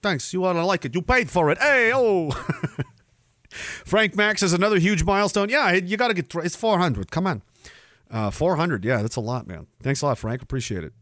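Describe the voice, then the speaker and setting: A middle-aged man hosting a livestream podcast, reading chat messages aloud and riffing on them in a profane, mocking way with loud, shouted bits. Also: fairly high pitch, lively intonation, moderate pace, no room sound, studio quality. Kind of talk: casual profane livestream banter.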